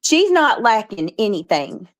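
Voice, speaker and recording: A middle-aged woman from Georgia talks bluntly on a casual live-stream panel. She swears freely and leans on her words with a slow, emphatic drawl. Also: mid-range voice, very animated. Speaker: panelist and mother.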